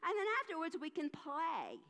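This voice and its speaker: A woman's voice: on the high side, sing-song, a little slow, clean tone. A woman playing a stubborn hermit man. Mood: welcoming. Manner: shouting in anger, then soft and welcoming. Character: Tibetan hermit man, stubborn then gentle. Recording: reverberant church sanctuary.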